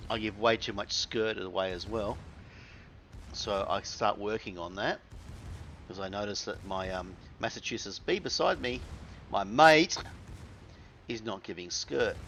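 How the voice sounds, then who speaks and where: A man's voice: on the low side, a bit bright, slight background noise. Laid-back Australian man with crude slang. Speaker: gameplay commentator. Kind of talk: casual game commentary.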